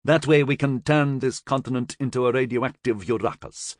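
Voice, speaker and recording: A man's voice: medium pitch, normal speed, no echo, pitched above the performer's own voice, lightly acted. Guy reading as a cold stern commander, clipped and bossy, dry close sound. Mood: grim. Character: stern, cold older male military commander. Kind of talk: audiobook character voice.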